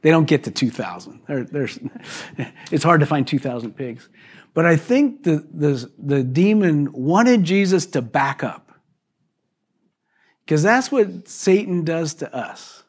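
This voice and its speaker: A male pastor giving a live church sermon, telling the story in a conversational, animated way. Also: fairly high pitch, slow pace, slightly rough. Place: church service.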